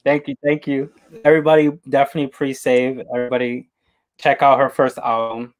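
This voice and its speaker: Halting, rambling male interview host. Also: mid-range voice, little pitch movement. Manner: halting, repeats words, rambling. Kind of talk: casual interview chat.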